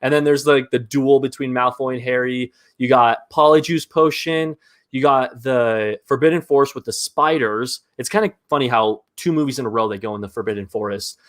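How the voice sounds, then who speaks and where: A man hosting a live movie ranking show in casual chat, enthusiastic and quick to laugh, with lots of fillers. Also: mid-range voice, fairly bright tone.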